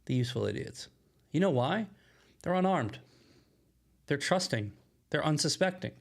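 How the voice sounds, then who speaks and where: A man's voice: on the high side, animated, moderate pace, vocal fry. A man hosting solo political commentary, emphatic and often asking "right?" as he restarts his phrases.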